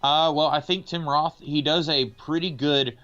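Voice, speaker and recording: A man's voice: on the high side, fairly even intonation, unhurried, pushed and bright, soft background music. Man from the American South chatting about films, slightly muffled. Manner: hesitant, many filler words. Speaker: podcast co-host. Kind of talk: casual movie discussion.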